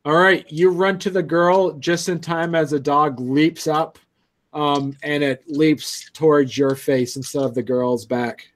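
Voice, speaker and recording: Slow, halting male game master, slightly high voice, lots of filler. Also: fairly even intonation. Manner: hesitant, many ums and restarts. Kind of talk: narrating a tabletop game.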